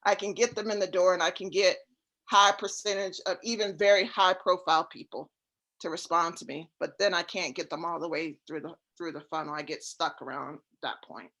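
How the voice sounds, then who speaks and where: A woman on a coaching call, talking in a laid-back, fairly monotone way about her trouble closing deals. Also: brisk. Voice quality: even, fairly monotone delivery. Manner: laid-back, relaxed and low-key. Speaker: real estate syndicator seeking coaching.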